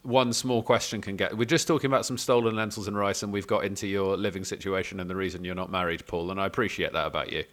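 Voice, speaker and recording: A man's voice: deep voice, steady tone, fast talker, few pauses, a bit bright. A man hosting a casual podcast chat, teasing and chatty, with lots of filler sounds. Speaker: podcast host.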